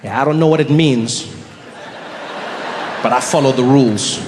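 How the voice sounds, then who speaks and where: A man's voice: medium pitch, normal speed, background noise. A man performing stand-up comedy, telling stories animatedly and speaking to the audience. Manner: animated storytelling, addressing the audience. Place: comedy stage in a large hall. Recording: large hall with live audience.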